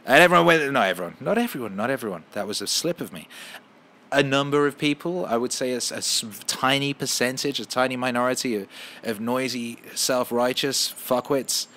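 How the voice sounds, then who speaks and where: A man hosting a casual podcast at home, ranting with heavy swearing and loud heated outbursts. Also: medium pitch, normal speed. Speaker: podcast host.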